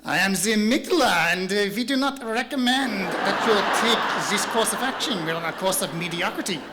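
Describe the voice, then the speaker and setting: A man's voice: high voice, lively intonation, a little fast, very noisy. A man voicing a fussy, cautious male brain character who warns against taking risks. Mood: prim.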